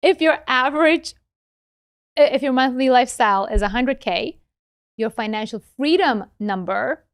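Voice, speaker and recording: Animated woman with a non-native accent. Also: high-pitched, clear, resonant tone, no echo, clean studio sound. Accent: non-native English accent. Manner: animated, explanatory, quick asides. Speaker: guest investing educator. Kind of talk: casual interview explanation.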